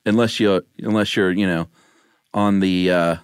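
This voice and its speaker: A man's voice: low-pitched, fairly even intonation, unhurried, smooth, no room sound, clean studio sound. A man co-hosting a podcast in casual chat, teasing his partner and laughing often. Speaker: podcast co-host.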